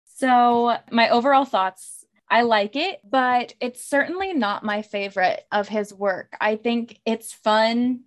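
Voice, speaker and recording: A woman's voice: on the high side, slow. Woman podcast host chatting about a poem, lots of likes and ums, laughs a bunch. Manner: chatty, many "like" and "um" fillers, laughs often. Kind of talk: casual literary discussion.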